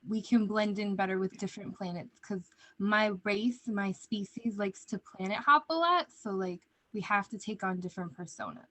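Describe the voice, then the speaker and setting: A woman's voice: mid-range voice, normal speed, hardly any pauses, a bit bright, dry recording, natural voice. A woman improvising a sassy female alien visitor in a comedy skit, with a Jersey accent and a blunt, slangy manner.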